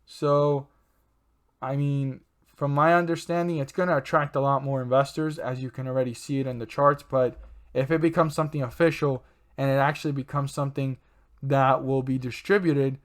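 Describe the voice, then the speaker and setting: Man, casual market commentary, rambling, lots of fillers, mid-pitched voice. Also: fairly even intonation, normal speed. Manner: rambling, self-correcting, filler-heavy. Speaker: stock market channel host.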